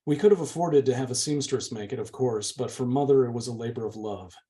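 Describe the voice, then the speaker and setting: A man's voice: medium pitch, quick pace, mellow. A man, the channel's host, steadily reading a novel's chapter aloud. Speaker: book reader, channel host.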